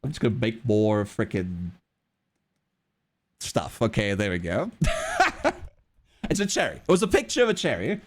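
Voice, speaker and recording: A man's voice: fairly low pitch, sing-song, moderate pace, long pauses. A man streaming live while drawing, chatting casually and telling a story in a rambling way with many restarts. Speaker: livestreamer.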